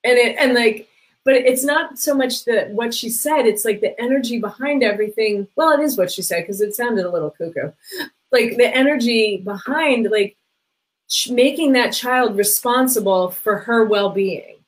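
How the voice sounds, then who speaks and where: A woman's voice: on the high side, moderate pace, rough recording. Chatty middle-aged woman full of "like". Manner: chatty, many "like" fillers, acts out quoted voices. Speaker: podcast guest, parenting coach. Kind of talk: casual conversation.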